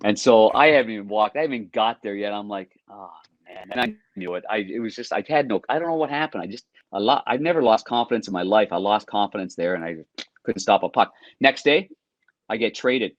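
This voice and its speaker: A middle-aged man spins lively anecdotes in a lowish voice, now and then acting out other people's lines. The remote audio is dry and a little dull. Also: a little fast, dry recording. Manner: lively anecdotes, acted-out quotes. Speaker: podcast guest, former hockey goaltender. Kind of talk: casual storytelling.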